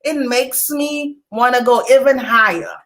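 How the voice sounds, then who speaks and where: A woman author as an interview guest, talking in a warm, grateful, emotional way. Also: fairly high pitch, measured pace. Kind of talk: live online interview.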